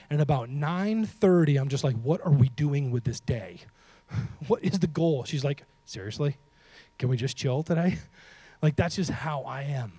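Man, pastor, sermon, humorous, animated, hushed emphasis, mellow, dry sound. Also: on the high side, no echo. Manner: humorous, talks to the audience directly.

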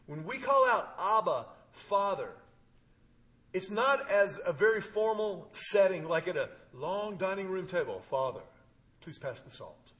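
A man preaching, telling a personal story with humor and emphatic pauses. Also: high voice, lively intonation, a bit bright. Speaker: pastor. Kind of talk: sermon.

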